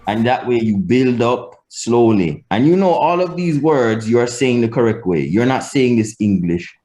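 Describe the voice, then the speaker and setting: A man's voice: medium pitch, expressive, normal speed, warm tone. A Jamaican man teaching a live class, patient and repeating key points for emphasis. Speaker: language teacher.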